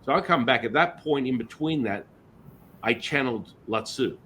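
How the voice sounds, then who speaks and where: A man's voice: mid-range voice, expressive, moderate pace, fairly bright tone, a little hiss or hum. A middle-aged man hosting a spiritual podcast, telling stories in a rambling, casual way with many restarts. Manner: rambling storyteller, frequent restarts and "you know". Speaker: podcast host.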